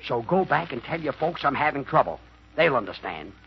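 A man's voice: medium pitch, big pitch swings, fairly quick, vocal fry. A man playing an exasperated, long-suffering straight man in a 1940s radio comedy. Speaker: comedian and co-host. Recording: dull 1940s radio broadcast.

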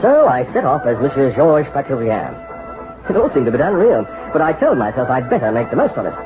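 An actor playing a cautious young bank clerk in a vintage radio drama, hesitant and polite, also narrating. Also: male voice, medium pitch, sing-song, a little fast, music in the background, close to an everyday voice. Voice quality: hesitant, polite, full of ums and uhs. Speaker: narrator and hero. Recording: dull old radio drama recording.

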